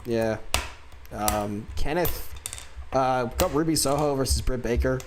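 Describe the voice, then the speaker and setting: A man's voice: mid-range voice, measured pace, background noise. A man hosting a wrestling podcast in loose, laughing casual chat full of fillers. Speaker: podcast host.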